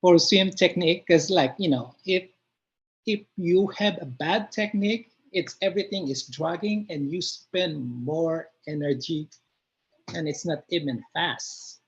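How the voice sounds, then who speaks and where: Man talking haltingly over dull lo-fi audio. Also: on the high side. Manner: halting, repeats words when starting sentences. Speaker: interviewee, triathlete client. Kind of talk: casual interview over a call.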